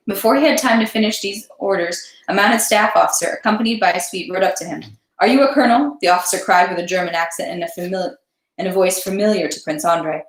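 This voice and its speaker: Woman reading a novel aloud, roomy echo. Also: medium pitch. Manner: steady reading, chatty afterward. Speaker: read-aloud host. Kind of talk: literary narration, then casual chat.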